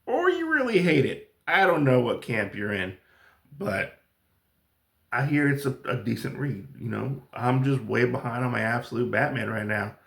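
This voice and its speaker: A man's voice: mid-range voice, animated, normal speed, creaky, fairly bright tone, roomy sound. A man casually reviewing his monthly comic book haul, enthusiastic and rambling with plenty of fillers.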